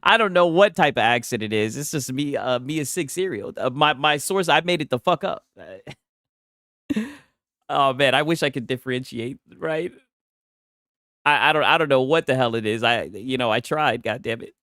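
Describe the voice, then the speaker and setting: A man's voice: medium pitch, normal speed, sharp tone, no room sound, clean studio sound. A man hosting a casual gaming news stream, talking loosely and profanely and laughing often as he reacts to posts. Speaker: livestream host.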